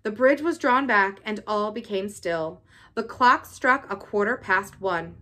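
A woman reading a novel aloud in an expressive, lively style. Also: medium pitch, a little slow. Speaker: reader.

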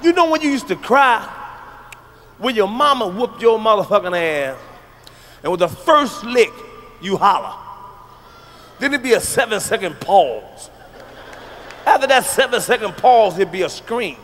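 A middle-aged man from the United States doing a loud, profane stand-up comedy routine on stage, telling punchy stories. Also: high voice, animated, a little slow, long pauses, a little hiss or hum. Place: stage before a live audience.

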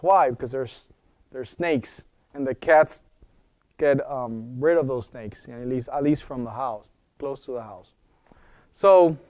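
High-voiced man giving a lively lecture. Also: smooth, dry recording, clean studio sound. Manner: animated, acts out quoted voices, asks the room questions. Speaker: wellness center teacher. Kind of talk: informal lecture.

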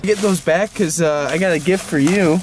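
A man co-hosting a casual chat, low-key and dry with short replies. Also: moderate pace, background noise. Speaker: co-host.

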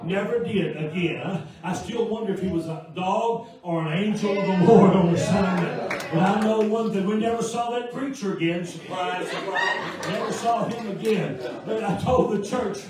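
High-pitched preacher in echoey church. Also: male voice, normal speed, hardly any pauses, a crowd in the background. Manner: animated storyteller, often laughing while telling. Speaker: guest preacher. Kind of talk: sermon storytelling. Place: church sanctuary. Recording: echoey church room, mic at a distance, audience. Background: congregation laughing.

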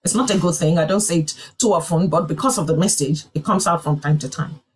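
A woman's voice: fairly low pitch, fast, a little mellow, breathy edge, poor audio. A woman pastor preaching a sermon, driving her points home with emphatic repeated phrases.

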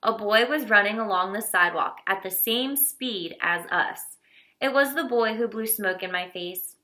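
A woman narrating a children's novel in a steady, expressive reading voice. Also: mid-range voice, normal speed. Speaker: audiobook reader.

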